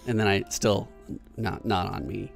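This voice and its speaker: A man taking part in a tabletop game, laid-back and casual as he talks with the others. His voice is low with a gravelly edge. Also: steady tone, unhurried, faint music behind. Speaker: player.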